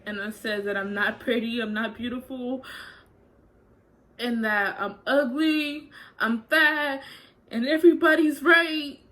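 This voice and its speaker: A young woman talks straight to her viewers in a personal storytime vlog. Her voice sits a little on the high side. Her delivery is casual, candid and confessional. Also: fairly even intonation, unhurried, bright, forceful tone, poor audio. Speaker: vlogger.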